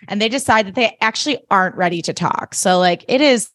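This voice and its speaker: A woman's voice: medium pitch, fairly quick, a bit bright, no echo. A woman co-hosting a podcast, recapping a TV episode in casual chat, giggly and full of "like". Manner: chatty and giggly, heavy on "like". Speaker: podcast co-host.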